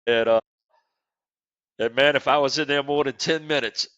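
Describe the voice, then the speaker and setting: A man in his sixties from the Westbank of New Orleans speaks at normal speed with a medium-pitched, fairly even, fairly bright voice. The recording is muffled with no room sound. He hosts a podcast in casual interview chat, telling stories and laughing often.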